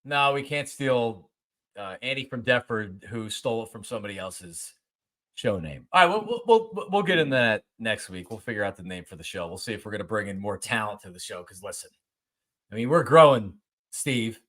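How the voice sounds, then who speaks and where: Bright-voiced man hosting a podcast. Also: lowish voice, expressive, fairly quick. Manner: chatty, upbeat sign-off plugs. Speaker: podcast host. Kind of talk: casual chat.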